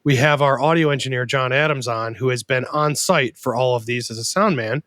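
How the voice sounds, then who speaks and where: A man's voice: mid-range voice, brisk, no echo. Man hosting a casual podcast, dry sound. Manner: warm, joking, openly sentimental. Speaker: podcast host.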